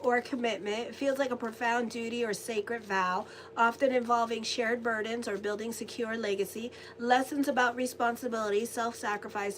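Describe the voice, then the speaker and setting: A woman astrologer giving a casual, rambling tarot and horoscope reading, chatty and quick to laugh. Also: fairly high pitch, fairly bright tone, slight background noise.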